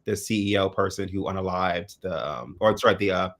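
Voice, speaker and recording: A man with a fairly low voice co-hosting a relaxed news chat. He recounts stories in a halting, chatty way, often pausing and restarting his sentences. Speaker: co-host.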